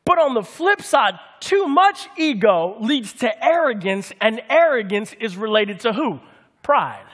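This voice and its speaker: A man preaching a lively sermon with humor, calling out to the congregation for answers. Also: extremely high pitch, a little slow, in a large hall. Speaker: pastor.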